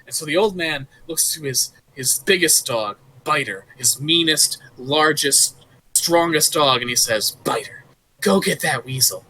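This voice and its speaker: A man narrating a tabletop game as game master, telling a story with animated sound effects. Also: on the high side, unhurried, low-quality recording.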